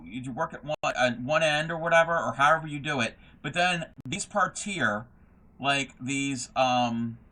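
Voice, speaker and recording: A man's voice: on the high side, sharp tone. A young man hosting a casual craft livestream, reading chat messages aloud and rambling with lots of fillers and restarts.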